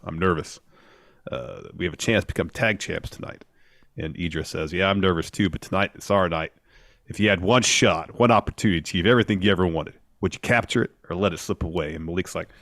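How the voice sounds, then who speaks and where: A man's voice: deep voice, dry recording. A man co-hosting a casual wrestling podcast, steadily recounting promos and reading quotes out. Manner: steady storytelling, reads out quotes. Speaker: podcast co-host. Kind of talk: casual wrestling recap chat.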